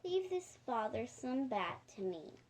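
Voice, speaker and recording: A woman voicing a scheming male villain in a children's storybook, shouting boastfully. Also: fairly high pitch, sing-song, unhurried. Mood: commanding.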